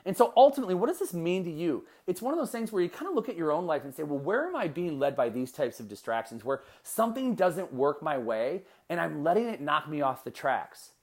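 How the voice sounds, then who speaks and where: A male podcast host talking on his own in an energetic, conversational way. His pitch swings widely as he tells his story, and he restarts sentences and tosses in quick asides. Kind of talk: solo motivational podcast talk.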